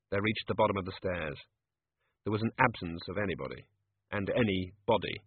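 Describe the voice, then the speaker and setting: A man's voice: low-pitched, a little fast, husky. A man narrating a comic fantasy story in a dry, wry manner. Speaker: audiobook narrator. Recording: phone-like lo-fi recording.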